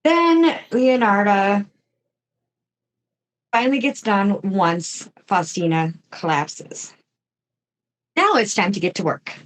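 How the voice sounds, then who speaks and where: A woman's voice: mid-range voice, takes it slowly, pauses often. A woman co-hosting a podcast, telling a true-crime story casually with chatty asides and mild swearing. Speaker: podcast co-host.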